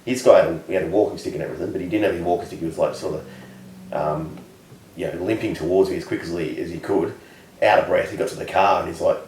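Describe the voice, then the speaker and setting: An Australian comedian chatting casually, telling a rambling anecdote with laughs along the way. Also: male voice, low-pitched, fast talker, a little mellow, roomy sound, recorded from a distance, a little hiss or hum, rough recording. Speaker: comedian guest. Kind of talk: casual chat, storytelling.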